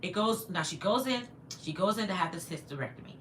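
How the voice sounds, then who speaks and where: A woman's voice: lowish voice, expressive, a little fast, fairly bright tone, a little hiss or hum. A woman in her fifties telling a long personal story on a livestream, chatty and digressive, stopping to answer viewer comments. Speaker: livestream host.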